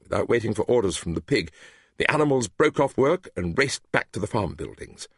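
A man narrating a story in a measured, expressive reading voice, recorded close to the mic. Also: fairly low pitch, slightly rough, no room sound. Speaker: audiobook narrator.

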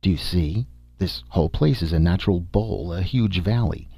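A man's voice: low voice, moderate pace, creaky, dark tone, breathy edge, no room sound, full character voice. A man reading a wary, impatient male explorer in an audiobook, grim and muttering. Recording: dull dry recording.

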